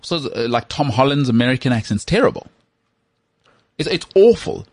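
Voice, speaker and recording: A South African man co-hosting a sports podcast who works as a voice artist, talking in an animated, opinionated way. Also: mid-range voice, moderate pace, breathy edge, no room sound. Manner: animated, opinionated, mimics accents. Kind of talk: casual chat.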